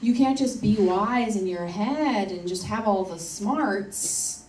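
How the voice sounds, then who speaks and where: A woman preaches earnestly and emphatically in a church hall, repeating her key points with lively intonation. She speaks slowly in a medium-pitched, darkish voice, recorded from a distance with roomy acoustics and slight background noise.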